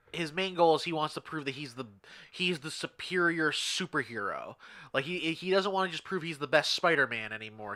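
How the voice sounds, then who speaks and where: A man hosting a casual podcast chat in an animated, quick, joking way. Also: mid-range voice, clean tone. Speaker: podcast host.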